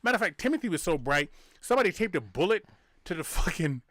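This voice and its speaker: A man co-hosting a comedy podcast, telling stories quickly with plenty of profanity. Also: sits high, dry recording, studio quality. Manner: fast, profane, animated storytelling. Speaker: podcast co-host. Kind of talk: casual comedy chat.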